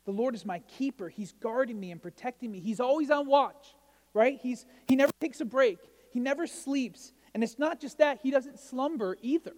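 A male pastor with a very high, darkish voice speaks at a moderate pace, a long reverb tail trailing his words. His sermon is casual and conversational, full of humorous stories and frequent "right?" questions to the crowd.

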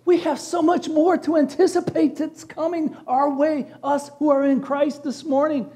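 A man from Chicago preaching a sermon to his congregation, dropping to soft, hushed passages and rising to loud, exclaiming peaks. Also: very high voice, level tone, normal speed. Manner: preacherly, addresses congregation as church. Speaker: pastor.

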